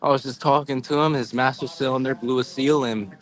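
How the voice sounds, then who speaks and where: A man's voice: mid-range voice, steady tone, fairly quick, low-quality recording. A man giving casual, upbeat live-stream play-by-play at an outdoor event. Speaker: event commentator. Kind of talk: live-stream sports commentary.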